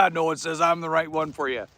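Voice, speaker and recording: A man's voice: fairly high pitch, normal speed, pushed and bright. A Canadian man hosting a livestream, joking and chatting casually with viewers while he eats. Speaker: livestream host. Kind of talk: casual livestream chat reading comments.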